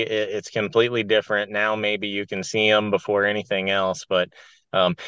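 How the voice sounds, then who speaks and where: Low smooth Midwestern man on a call. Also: fairly bright tone, no room sound, highs cut off. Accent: Midwestern American. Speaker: hunting panelist. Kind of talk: webinar discussion. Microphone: video call.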